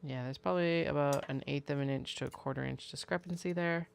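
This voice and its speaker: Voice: mid-range voice, fairly even intonation, fairly quick, vocal fry, slight background noise. A craft maker chatting casually on a livestream, muttering to themself and counting pieces aloud while working.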